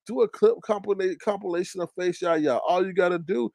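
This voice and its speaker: A young man hosting a casual commentary stream, ranting loudly and mockingly to his live chat, swearing often. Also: a little fast, creaky, no echo. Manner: loud, profane, mocking rant with big pitch swings. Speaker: commentary show host.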